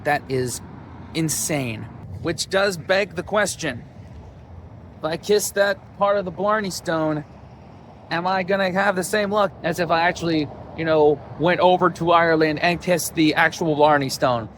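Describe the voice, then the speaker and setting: Slight background noise accompanies a man's a-little-high, fairly bright voice with fairly even intonation at normal speed. He's a travel vlogger filming on a handheld camera in his car as he drives, talking casually and rambling with plenty of fillers.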